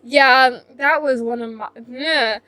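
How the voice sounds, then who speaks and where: A woman's voice: sits high, takes it slowly, sharp tone, a little hiss or hum. A young woman telling a storytime on her vlog, rambling and self-mocking, with lots of "like" fillers. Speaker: vlogger. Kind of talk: casual storytime chat.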